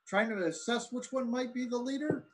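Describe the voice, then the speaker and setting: A man narrating a tabletop role-playing game as game master, relaxed and thinking aloud with fillers. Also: very high voice, normal speed, a little hiss or hum, poor audio.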